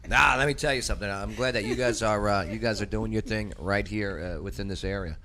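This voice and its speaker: A man's voice: lowish voice, brisk, noisy background. A man hosting a casual talk show, joking and chatting while tasting food. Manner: lively, joking, talks with mouth full. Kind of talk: casual chat.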